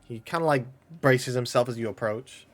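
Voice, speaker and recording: A man's voice: mid-range voice, moderate pace, background noise. A man narrating as game master of a tabletop game, loose and often laughing.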